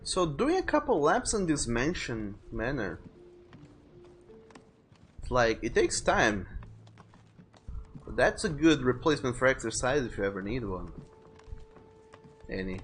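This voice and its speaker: A man streams a game live and chats casually and jokingly as he plays. His voice moves a lot in pitch, and faint music plays behind him. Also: sing-song, measured pace, pauses often. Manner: joking, chatty. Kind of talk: casual let's-play commentary.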